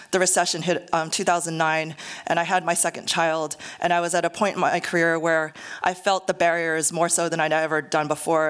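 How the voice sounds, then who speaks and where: Earnest woman lecturer, low smooth voice. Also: a bit bright. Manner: earnest, conversational, self-deprecating humor. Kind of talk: public lecture. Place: lecture hall with audience.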